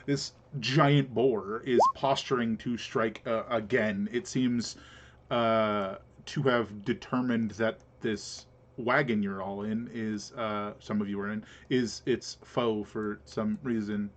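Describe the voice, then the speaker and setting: A man narrating a tabletop game as game master, relaxed and hesitant with many fillers. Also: lowish voice, takes it slowly. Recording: dull lo-fi mic.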